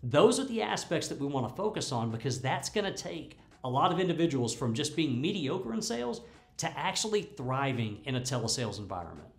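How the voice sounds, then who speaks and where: A man's voice: mid-range voice, very animated, brisk, gravelly. A man teaching sales technique as a trainer, coaching and laying out tips point by point. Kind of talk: instructional talk on sales technique. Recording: faint background music.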